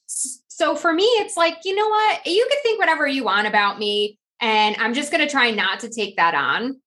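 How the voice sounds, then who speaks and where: Animated, high-voiced woman from New Jersey. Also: moderate pace. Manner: animated, acts out quoted voices. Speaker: podcast guest. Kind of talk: casual conversation.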